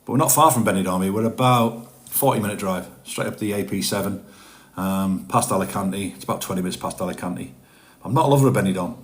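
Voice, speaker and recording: Man, casual live-stream chat, low voice, rambling, self-deprecating, roomy sound. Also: fast talker. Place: his home, indoors.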